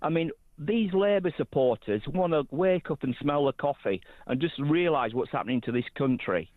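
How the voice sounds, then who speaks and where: A man's voice: fairly high pitch, lively intonation, moderate pace, no echo. A man from Yorkshire with a Yorkshire accent, phoning a radio show to complain in a blunt, indignant way. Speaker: caller. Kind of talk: phone-in rant. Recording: dry tinny phone line.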